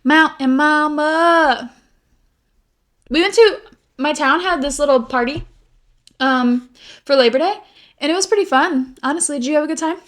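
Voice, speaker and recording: A young woman with a fairly high voice co-hosts a podcast. She chats in a loose, rambling way and giggles often, with "like" in nearly every sentence. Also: brisk. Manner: rambling, giggly, heavy use of "like". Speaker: podcast co-host. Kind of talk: casual chat.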